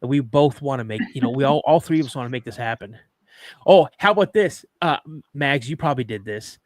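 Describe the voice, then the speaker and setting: A man's voice: mid-range voice, lively intonation, brisk, dry recording, studio quality. A middle-aged man hosting a live podcast, chatting casually and telling rambling stories. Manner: rambling storyteller, acts out quotes. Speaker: podcast host.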